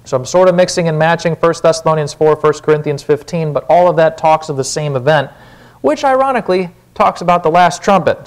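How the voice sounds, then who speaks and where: A man's voice: on the high side, a little fast. A man with a Wisconsin accent preaching a sermon in a church, casual and conversational, often asking "right?". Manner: conversational, frequent "right?" check-ins. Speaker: pastor.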